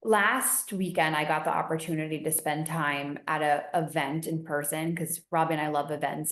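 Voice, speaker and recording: A young woman who founded a business is a podcast guest, chatting from her home in Costa Rica in an echoey room. Her voice sits low but rises when she gets excited, and she tells stories in an animated, casual way with many fillers.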